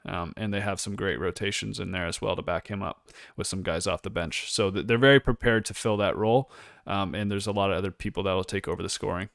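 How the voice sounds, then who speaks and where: Fast-talking low-voiced man, rambling. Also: steady tone, gravelly, a bit bright, dry recording, studio quality. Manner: rambling, full of "like" and "you know". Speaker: podcast co-host. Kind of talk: casual sports chat.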